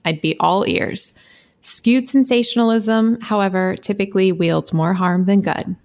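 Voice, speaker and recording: A woman's voice: mid-range voice, measured pace, a little mellow. A woman co-hosting a podcast, reading her own writing aloud in an earnest, impassioned way and laughing now and then. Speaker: podcast co-host.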